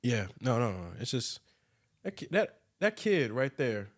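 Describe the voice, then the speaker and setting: A man's voice: big pitch swings, unhurried. A man co-hosting a podcast in casual chat, laughing often and slipping into imitations. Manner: laughs often, mimics people in high voices. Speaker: podcast co-host.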